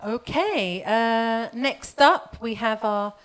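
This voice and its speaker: Slow, lively woman hosting a poetry night. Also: a little high, clear, resonant tone. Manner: chatty, laughs often. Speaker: event host. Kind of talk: live event compering. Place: community poetry showcase.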